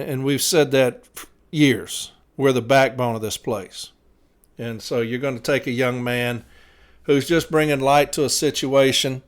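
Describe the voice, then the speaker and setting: A tired man hosts his own show, talking bluntly and with plenty of profanity. He lays out his grievances in a casual, fired-up monologue. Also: medium pitch. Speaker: podcast host, city letter carrier.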